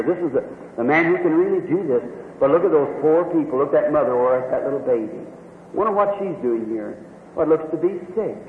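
A man's voice: fairly high pitch, a little hiss or hum. A man preaching a sermon, retelling a story vividly and with emphasis, often repeating himself. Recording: tinny phone-like echoey hall.

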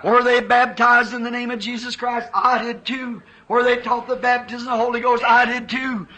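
A man's voice: very high voice, flat delivery, normal speed, pushed and bright, rough recording. A man preaching a sermon, telling a vision with emotional, fervent quoted dialogue.

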